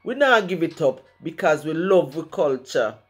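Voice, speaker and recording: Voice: medium pitch, animated, moderate pace, soft background music. A speaker from Jamaica with a Jamaican accent, reciting a rhyming poem in a rhythmic way, using patois phrasing. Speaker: poet.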